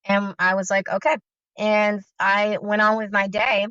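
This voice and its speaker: A woman's voice: medium pitch, level tone, measured pace, pushed and bright, smooth, no echo. A woman in her thirties telling her own story in an earnest, intense first-person account of fear, remembered in vivid detail. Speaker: guest sharing her story. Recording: dull, dry lo-fi audio.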